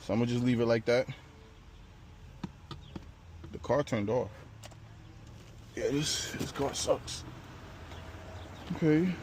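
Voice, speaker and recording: Out of breath, a man with a medium-pitched voice narrates a tow job for his vlog at a measured pace with long pauses. Laid-back, he talks to the camera while working on a street and inside a pickup truck, swearing casually. Faint street and vehicle noise sits in the background.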